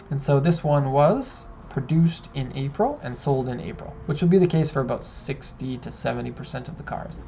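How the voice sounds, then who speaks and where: A man's voice: medium pitch, vocal fry, darkish tone, muffled recording, a little hiss or hum. A man hosting a casual live-stream chat, explaining car details step by step. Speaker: host.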